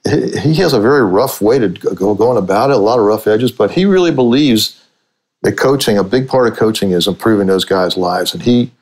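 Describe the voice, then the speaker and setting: A man's voice: on the low side, a little mellow, rough recording. An older man from Cincinnati, a sportswriter and author, telling long stories in a podcast interview with many restarts. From Cincinnati, USA. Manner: rambling storyteller with frequent restarts. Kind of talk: conversational storytelling interview.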